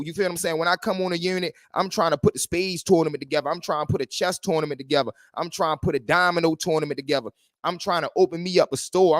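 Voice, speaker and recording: A man hosts a livestream, telling street stories and commenting in a lively, repetitive street-talk manner. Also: on the high side, dry recording, studio quality. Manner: animated street talk, repeating phrases. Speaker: host.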